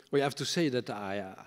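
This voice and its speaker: An older man with a French accent giving a conference keynote, tired and halting, with many fillers and self-deprecating remarks. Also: fairly low pitch. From France. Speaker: keynote speaker. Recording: long hall reverb.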